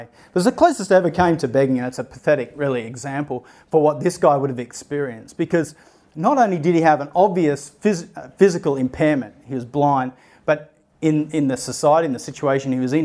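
A man's voice: fairly high pitch, darkish tone. A young man giving a sermon, telling a story and acting out the voices of the people in it. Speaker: preacher.

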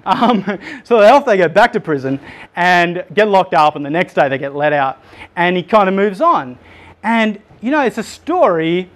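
A fairly high-voiced man gives a relaxed, conversational sermon. He tells the story in an animated way and leans on lots of filler words. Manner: chatty, animated retelling with laughs and filler words. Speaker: pastor.

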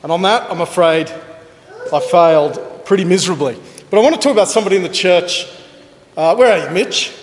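A fairly high-voiced Australian man preaching in a church hall, his voice ringing back off the walls with a long reverb tail. His talk is chatty and joking, and he pokes fun at himself as he tells stories to the congregation. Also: fairly quick. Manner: chatty, joking, self-deprecating. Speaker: pastor. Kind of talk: conversational sermon with anecdotes.

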